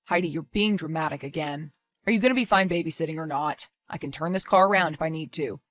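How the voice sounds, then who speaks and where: A woman voicing a careless father who breezily brushes off his girlfriend's worries in an animated story. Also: sits low, fast talker, no echo, pitched below the performer's own voice. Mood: reassuring. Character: dismissive careless father, a grown man. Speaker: boyfriend and father.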